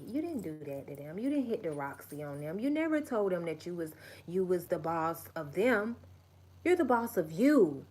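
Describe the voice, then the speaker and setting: A woman's voice: lowish voice, big pitch swings, normal speed, darkish tone, a little hiss or hum. A woman hosting a livestream, giving an emphatic, profane and repetitive motivational talk. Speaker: livestream host.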